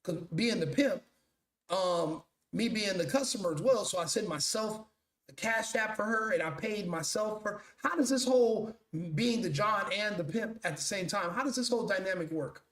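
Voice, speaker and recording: A man's voice: sits high, moderate pace, fairly bright tone, reverberant. A male show host delivering a blunt, profane, mocking commentary rant.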